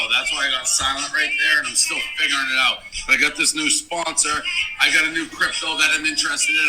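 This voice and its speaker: A man's voice: on the high side, sharp tone, low-quality recording. A man with a Boston accent, ranting brashly and profanely in a played clip. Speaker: media personality in a played clip. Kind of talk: brash video rant.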